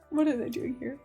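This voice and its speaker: Her voice sits high and mellow: a young woman from the Netherlands, game streaming and rambling casually with plenty of fillers. Her English accent is partly American, partly British.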